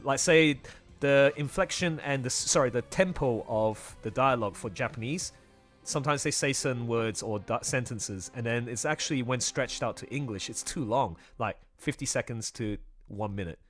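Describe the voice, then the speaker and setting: A man hosting a casual livestream, talking in an animated, bright tone that leaps around in pitch. He laughs often and restarts his sentences as he goes. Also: moderate pace, soft background music. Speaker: livestream host and video editor.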